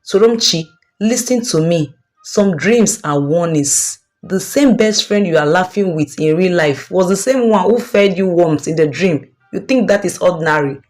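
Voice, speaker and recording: A woman's voice: lowish voice, animated, normal speed, hardly any pauses, a little mellow, faint music behind, natural voice. A woman voicing an older mother who earnestly warns her daughter. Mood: alarmed. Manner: warning, earnest and urgent. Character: worried, protective older mother.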